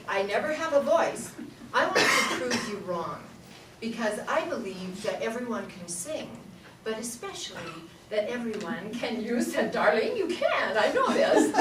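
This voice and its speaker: Her voice is a little high and very animated, at a moderate pace, picked up from far off the mic. She's a singing teacher running a workshop before a live audience in a big room, playfully laughing a lot and singing vowel sounds as examples, with echo and room noise audible throughout.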